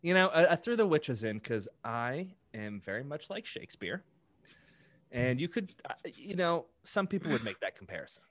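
A man's voice: mid-range voice, very animated, normal speed, fairly bright tone, no echo. A man reading his own comedy script aloud and chatting casually, self-mocking and laughing often.

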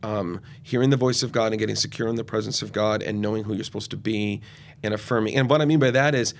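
An enthusiastic, loud man in his forties, talking off the cuff as a ministry guest in an interview. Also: fairly low pitch, steady tone, fast talker, vocal fry, a little hiss or hum. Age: 40s. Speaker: guest youth and young adult ministry leader. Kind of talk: podcast interview conversation.

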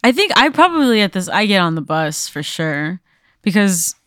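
A woman's voice: mid-range voice, sing-song, normal speed, a bit bright, clear, resonant tone, dry recording, clean studio sound. Wry amused woman reacting to a tale. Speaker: guest. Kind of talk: casual chat, reacting to a story.

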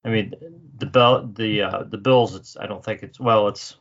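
A man's voice: on the low side, steady tone, moderate pace, fairly bright tone, highs cut off. A man co-hosting a sports podcast, chatting casually and hesitantly, with many fillers. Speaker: podcast co-host.

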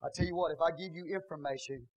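High-voiced pastor preaching with shouted peaks. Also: male voice, fast, background noise. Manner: swings from low, hushed asides to loud shouted preaching. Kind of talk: sermon. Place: church.

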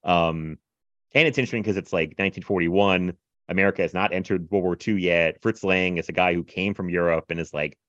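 A man casually reviewing a film in animated, rambling podcast chat, full of fillers and laughs. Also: deep voice, fairly quick, no room sound, dull audio. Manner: animated, filler-heavy retelling with laughs and mimicry.

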